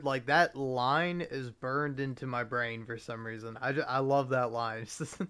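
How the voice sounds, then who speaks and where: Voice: mid-range voice, fairly even intonation, fairly bright tone, smooth. A streamer giving casual, amused commentary while playing a video game. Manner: amused, laughs often, unhurried. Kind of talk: casual let's-play commentary.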